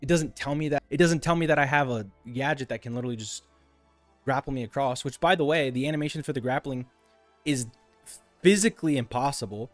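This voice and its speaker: Young man, casual game review, rambling, exasperated rants, middle-pitched voice, faint background music. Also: fast. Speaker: gaming video creator.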